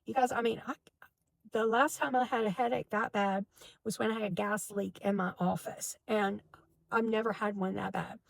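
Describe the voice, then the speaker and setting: A woman telling a personal story to her viewers in an animated, emphatic way, with many restarts. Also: mid-range voice, moderate pace, gravelly, dry recording. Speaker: spiritual vlogger. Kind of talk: casual storytelling to camera.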